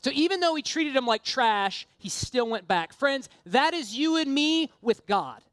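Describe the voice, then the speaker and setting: A woman's voice: sits high, lively intonation, measured pace, no echo, clean studio sound. A woman preaching a sermon, earnest and impassioned, mixing casual self-deprecating asides with emphatic appeals.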